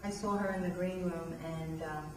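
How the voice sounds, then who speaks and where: Low-voiced woman hosting in an echoey room. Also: fairly even intonation, normal speed. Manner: chatty, affirming. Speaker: talk show host. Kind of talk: casual talk show chat. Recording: echoey room, distant mic.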